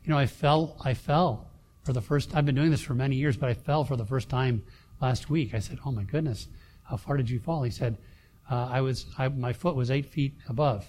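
A middle-aged man, a pastor, telling a personal story in a sermon, halting with many fillers and restarts. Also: mid-range voice, a little mellow.

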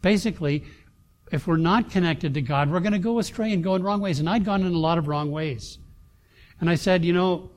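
A middle-aged man, a pastor, telling a personal story in a sermon, halting with many fillers and restarts. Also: high-pitched.

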